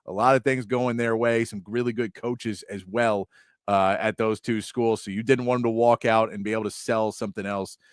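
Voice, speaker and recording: A man's voice: lowish voice, fairly even intonation, moderate pace, smooth, no echo, studio quality. A man hosting a sports talk show, chatting casually with many asides and frequent laughs.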